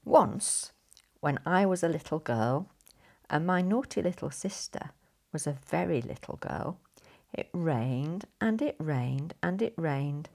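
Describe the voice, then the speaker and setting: Woman storyteller, gravelly low voice, playful expressive bedtime reading. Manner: expressive, drawn-out sound words.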